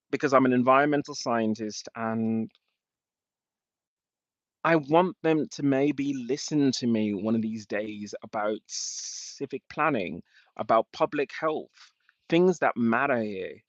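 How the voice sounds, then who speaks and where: A man's voice: medium pitch, slow pace, long pauses, dry recording. Emotional ranting male livestreamer. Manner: emotional, ranting, swears often. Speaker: livestreamer answering chat. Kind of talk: rambling live-stream talk. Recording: dull lo-fi dry sound.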